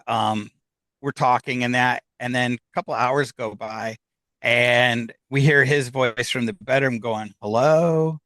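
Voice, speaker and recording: A man's voice: mid-range voice, bright, forceful tone, no echo. A man telling a personal story in casual conversation, acting out the voices of the people in it. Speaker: guest.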